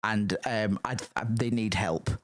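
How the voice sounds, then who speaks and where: A man streaming casually and reacting to music, rambling and excitable, with frequent swearing. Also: fairly low pitch, unhurried.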